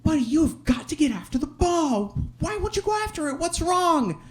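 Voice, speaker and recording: A man playing an exasperated father who yells and pleads with his young son from the sidelines. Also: sing-song, moderate pace. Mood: pleading. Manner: loud, pleading, high-pitched. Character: exasperated dad shouting from soccer stands.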